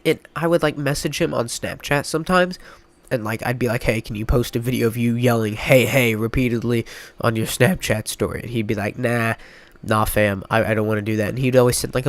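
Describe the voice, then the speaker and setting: Young man with a stuffed-up nose. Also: medium pitch. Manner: rambling, mock-dramatic storytelling with filler words. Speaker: YouTuber. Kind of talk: storytime vlog.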